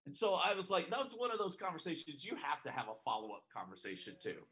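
Male preacher at a church service, high and bright-toned, animated storyteller with joking asides. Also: fast. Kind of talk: sermon with storytelling.

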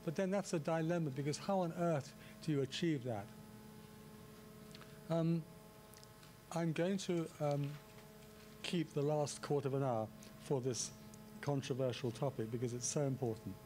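Guy lecturing to a hall, kinda high voice, chatty with lots of restarts, faint hum behind. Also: steady tone, moderate pace, pauses often, mellow. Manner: conversational, many restarts and asides. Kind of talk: public lecture on translation.

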